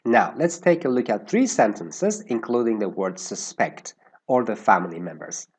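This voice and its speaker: A man teaching an English lesson, explaining word use slowly and carefully and stressing how words sound. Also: lowish voice, lively intonation, darkish tone, slightly rough.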